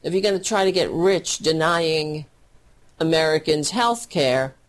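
A woman's voice: sits low, unhurried. A woman hosting a political livestream, talking bluntly and heatedly, and getting emotional as she thanks her viewers. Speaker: political talk show host. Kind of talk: casual livestream commentary.

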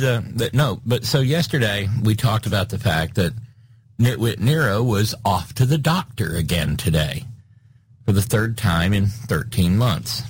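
A man with a medium-pitched, slightly rough voice hosts a talk show, offering casual, sardonic political commentary and reading listener messages. He rambles, often restarting with filler words.

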